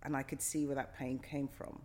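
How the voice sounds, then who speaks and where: A woman's voice: very deep voice, flat delivery, brisk, darkish tone, slight background noise. A middle-aged woman who is a guest in an interview, talking passionately and emphatically and repeating phrases for emphasis. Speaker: actor guest. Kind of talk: casual interview chat.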